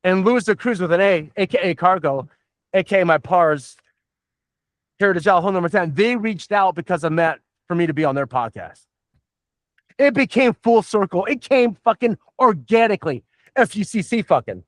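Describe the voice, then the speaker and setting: A middle-aged man from the Southern United States hosting a casual podcast, rambling and swearing excitably. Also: sits high, normal speed, no echo, studio quality. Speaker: podcast host.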